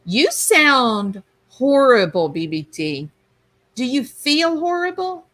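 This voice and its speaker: A woman's voice: high-pitched, big pitch swings, takes it slowly, a bit bright, poor audio. A woman hosting a livestream, chatting casually and reading viewer comments aloud. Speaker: livestream host reading chat. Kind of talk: casual chat.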